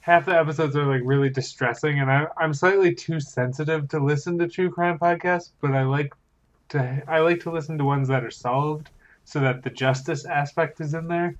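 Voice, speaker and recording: Relaxed man on muffled, lo-fi audio. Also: fairly high pitch, normal speed. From Canada. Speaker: podcast co-host. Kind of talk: casual chat. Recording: dull, lo-fi audio.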